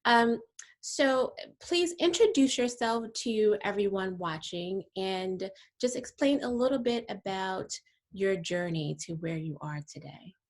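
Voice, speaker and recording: A woman hosts an interview in a middle-pitched, ordinary voice. She asks her guest open questions and backs her up with brief encouraging replies. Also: a little slow. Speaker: interview host. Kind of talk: hosted interview.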